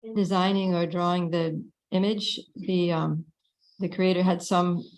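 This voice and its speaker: Low-voiced woman answering in class. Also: fairly even intonation, a little slow, a little mellow, poor audio. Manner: thoughtful, hesitant, with fillers. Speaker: class participant.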